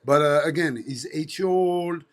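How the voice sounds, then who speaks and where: A man with a French accent chats loosely on a live stream, his voice sitting a touch high for a man. He swears freely and breaks into mimicked engine and turbo sounds as he tells his stories. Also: a little slow. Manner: animated storyteller, swears often, imitates engine noises. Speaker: host. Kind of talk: casual live-stream chat.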